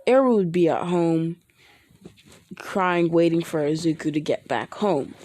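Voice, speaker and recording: A woman's voice: on the low side, unhurried, warm tone. A woman improvising fan fiction narration in a rambling way, full of restarts and fillers. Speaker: storyteller.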